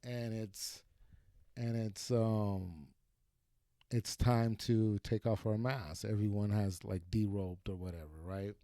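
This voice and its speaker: Polite southern hostess lady, man doing the voice, quiet and hesitant, mellow tone. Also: on the low side, fairly even intonation, slow, no room sound, clean studio sound. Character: Southern party hostess, polite middle-aged woman.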